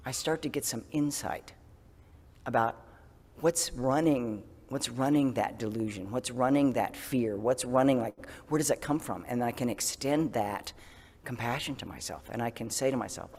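A man giving a casual sermon as a Zen priest, self-deprecating and laughing often, dropping to a soft whisper for gentle self-talk. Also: medium pitch, moderate pace, big-room sound.

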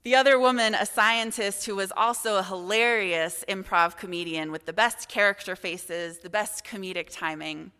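A woman's voice: medium pitch, normal speed, few pauses, sharp tone, smooth. A young woman giving a candid, self-deprecating reflection in a service, heard in a reverberant hall. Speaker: assistant minister. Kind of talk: sermon reflection.

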